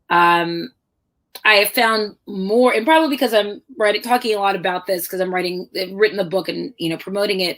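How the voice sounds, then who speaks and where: A middle-aged woman author telling personal stories in a lively conversational talk, acting out the voices of people she quotes. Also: medium pitch. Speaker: author guest.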